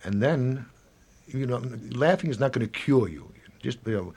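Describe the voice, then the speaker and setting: Gravelly older man in his seventies. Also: mid-range voice, expressive, darkish tone. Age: 70s. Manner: rambling, halting, acts out little dialogues. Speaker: interviewee. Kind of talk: reflective interview talk.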